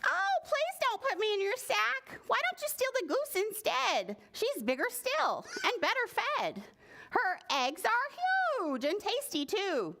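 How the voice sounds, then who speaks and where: A woman voicing a soft, sly female duck in a storybook read-aloud. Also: extremely high pitch, sing-song, measured pace, voice pushed up, exaggerated voice. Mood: pleading. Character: fluffy female duck, pleading then sly.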